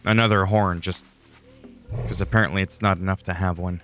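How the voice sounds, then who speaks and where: A man's voice: low voice, steady tone, fairly quick, fairly bright tone, soft background music. A man giving casual, rambling gameplay commentary with dry sarcastic asides.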